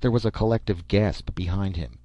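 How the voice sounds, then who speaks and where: A man narrating a short story in a steady, even delivery. His voice sits low and dry, with a dull, lo-fi sound. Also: moderate pace, no echo. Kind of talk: reading a story aloud. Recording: dull lo-fi recording.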